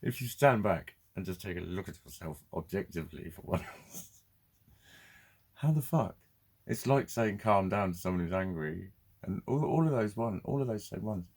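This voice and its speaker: A man's voice: deep voice, expressive, moderate pace, a little mellow, husky. Sweary ranting man. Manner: blunt, sweary, exasperated ranting with laughs. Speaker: vlogger. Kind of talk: casual ranting monologue to camera.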